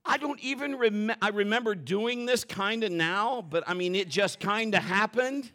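A middle-aged male pastor preaching a sermon, telling family stories in an animated way and acting out the voices of the people in them. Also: sits high, moderate pace. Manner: animated storytelling, acts out quotes and shouts for effect.

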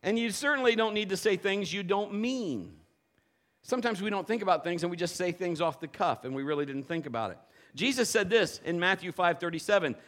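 A man preaching a sermon, telling lively personal stories and acting out the voices of the people in them. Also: high voice, a little fast. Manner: animated storytelling, playful quoted voices. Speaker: pastor.

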